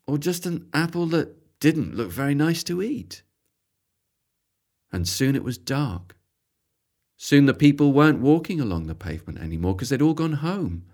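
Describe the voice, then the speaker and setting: A storyteller telling a children's tale aloud, expressive and lilting, repeating phrases for effect. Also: medium pitch.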